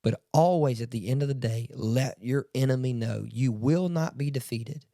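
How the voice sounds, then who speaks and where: Gravelly, mellow-voiced man preaching a devotional. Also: mid-range voice, normal speed, no echo, studio quality. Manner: earnest, emphatic preaching with rising stresses. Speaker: devotional podcast host.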